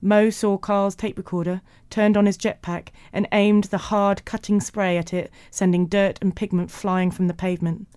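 A woman narrating a storybook in an even, measured way. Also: medium pitch, clear, resonant tone, dry recording, studio quality.

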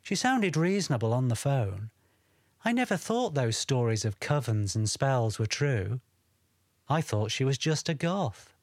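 A man voicing a gentle, shy young woman freed from a spell, speaking softly in an audiobook. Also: medium pitch, very animated, a little slow, no room sound, clean studio sound. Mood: recounting. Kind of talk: audiobook character reading.

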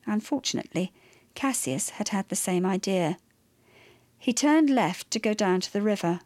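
A woman narrating a children's story in a lively, expressive way. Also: medium pitch, normal speed, no echo.

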